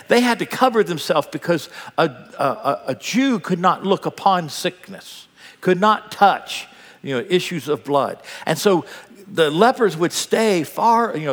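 A man preaching a sermon in a dramatic, animated way, acting out the scene as he goes. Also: medium pitch, long reverb tail. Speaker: pastor.

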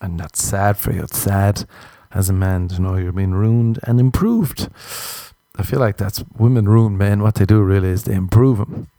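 Male podcast comic, dark mellow tone, crude rambling delivery, dry close sound. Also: lowish voice, normal speed, no room sound. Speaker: podcast host. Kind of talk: comedic monologue. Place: Los Angeles.

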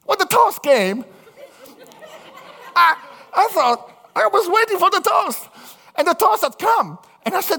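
A man from southern Italy with an Italian accent, preaching a sermon through lively personal stories, acting out the voices in them. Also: extremely high pitch, measured pace, vocal fry, pauses often. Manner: animated storytelling, acts out voices in quotes. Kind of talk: anecdotal sermon. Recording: long hall reverb.

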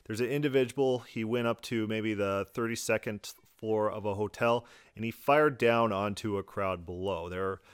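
A man hosts his podcast in a quick, sarcastic run of commentary, mocking the clips he plays. His voice is smooth and clear, a little low for a man. The sound is dry and close. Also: steady tone, no echo. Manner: sarcastic, fast-talking, mocking. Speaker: podcast host. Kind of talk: argumentative commentary.

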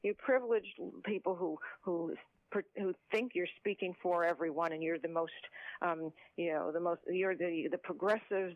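A man with a high-sitting voice calls in on a tinny phone line, recorded dry through the phone, to chat about politics. He stumbles through restarts and tosses in sarcastic asides.

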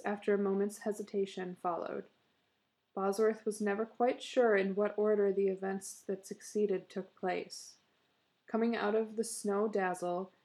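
A woman narrator reading a short story aloud in a steady, measured storytelling manner. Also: mid-range voice.

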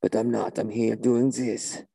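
A gravelly, husky shaman guitarist, as a man plays him, drawling mystical nonsense in a flat, deadpan way. His voice is low and dark, recorded dry and close in a comedy sketch. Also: measured pace, no echo, heavily acted.

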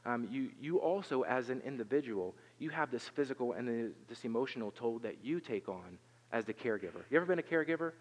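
A man's voice: mid-range voice, expressive, fast talker, long reverb tail. A man preaching a sermon, talking in an earnest, conversational way with rhetorical questions and frequent repeated words. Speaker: pastor.

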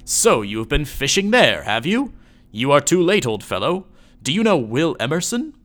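A man voicing a jovial, mocking gentleman friend who teases heartily. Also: fairly high pitch, sing-song, normal speed, soft background music, voice pushed up. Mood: teasing.

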